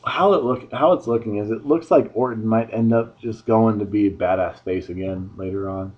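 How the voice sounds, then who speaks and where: A man's voice: lowish voice, moderate pace, dull audio. A man giving a casual solo review of a wrestling show, rambling offhand with frequent restarts.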